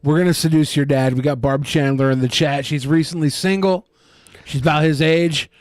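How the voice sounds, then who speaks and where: A man's voice: fairly high pitch, fairly even intonation, moderate pace, dry recording. A man co-hosting a podcast, mocking someone with sarcastic, profane remarks in casual chat. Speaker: podcast co-host.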